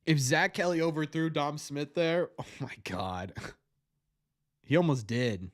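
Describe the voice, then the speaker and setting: Man, fan-show host, live game commentary, excitable, nervous, dry close sound. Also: a little high, measured pace, dry recording. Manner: excitable, nervous, repeats cheers and pleas. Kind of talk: live watch-party commentary.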